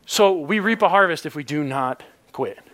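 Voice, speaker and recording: A man in his thirties, a pastor, preaching a sermon with animated personal stories and laughing asides. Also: a little high, moderate pace.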